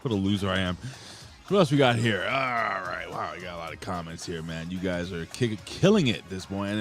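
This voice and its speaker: A man co-hosting a wrestling podcast in casual chat, loud and jokey, swearing as he reads out viewer comments. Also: sits low, a little fast. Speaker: podcast co-host reading chat.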